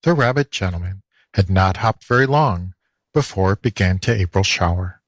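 A man reading a children's storybook aloud, expressive and lilting, into a close mic. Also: low-pitched, moderate pace, no echo. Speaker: audiobook reader. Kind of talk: storybook narration.

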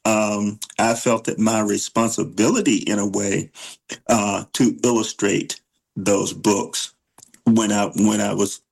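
A slow-spoken man with a gravelly, low voice, answering an interviewer about his work as an illustrator. He hesitates often and restarts his sentences, filling gaps with "uh" and "you know". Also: flat delivery, rough recording. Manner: halting, many fillers and restarts. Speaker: children's book illustrator.

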